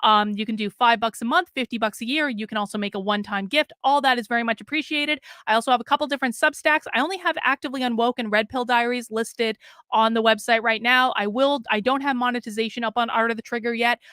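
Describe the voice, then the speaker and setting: A woman hosting a live stream, giving casual, opinionated political commentary in a fast, blunt manner. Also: fairly high pitch, pushed and bright, dry recording, studio quality.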